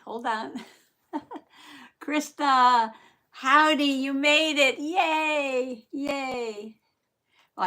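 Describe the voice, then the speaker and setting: A woman's voice: fairly high pitch, pushed and bright. An older woman from Southern Indiana hosting a casual live art stream, greeting viewers by name and laughing often.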